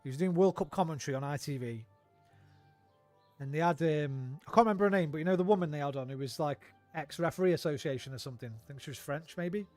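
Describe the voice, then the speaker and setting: Guy streaming a game, fairly high-voiced, ranting and sweary, faint music under. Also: fast, a little mellow, dry recording. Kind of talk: casual gameplay chat.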